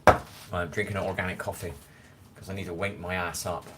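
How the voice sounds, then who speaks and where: A man's voice: low voice, little pitch movement, brisk, very noisy. Tired chatty West Country man. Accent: West Country English. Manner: rambling, chatty, reads chat names aloud. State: tired after little sleep. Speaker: livestream host. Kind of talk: casual livestream chat. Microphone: phone.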